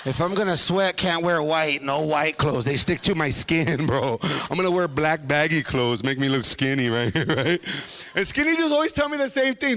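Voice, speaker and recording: A man hosting a live stand-up show, teasing the audience and dropping into quick voices of the people he talks about. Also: a little high, very animated, bright, forceful tone. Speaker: stand-up comedian and host. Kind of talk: stand-up crowd work.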